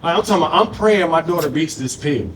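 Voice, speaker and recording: A man's voice: on the high side, animated, quick pace. A man doing a loose, profane stand-up comedy set on a club stage, working the crowd. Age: adult with a grown daughter.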